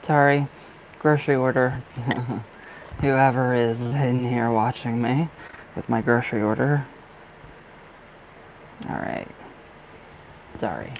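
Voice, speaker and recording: A young man runs a live-streamed tarot reading from a dark room at home, chatting casually with viewers and easily distracted, often apologizing and laughing. His medium-pitched voice has vocal fry, and he speaks slowly with frequent pauses. The recording is rough, with slight background noise.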